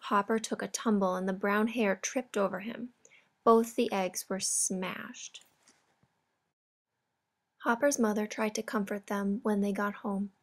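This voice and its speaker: Female storyteller, mid-pitched, calm children's story reading. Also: measured pace.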